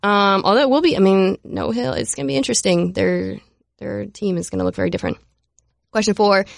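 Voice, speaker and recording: A woman hosting a sports podcast in casual chat, playful and chatty with quick asides. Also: mid-range voice, vocal fry, no echo, studio quality. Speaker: podcast host.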